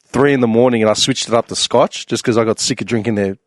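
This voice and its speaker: Australian man, young adult, casual storytelling, animated, laughs a lot, dry close sound. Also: mid-range voice, fast, dry recording. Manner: animated, acts out quoted voices loudly, laughs often. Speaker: podcast panelist.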